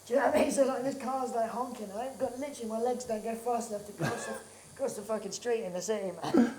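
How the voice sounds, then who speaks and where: A man's voice: very high-pitched, fairly even intonation, fast, a crowd in the background, poor audio. A man chatting as a guest in a tattoo studio. He tells stories casually, swears freely and laughs often. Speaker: actor guest. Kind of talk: casual chat.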